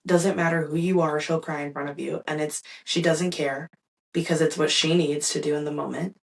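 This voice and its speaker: A young woman hosting her own podcast, telling a personal story in a candid, reflective way with soft laughs and fillers. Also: sits low, fairly even intonation, normal speed, gravelly, distant mic, low-quality recording. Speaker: podcast host.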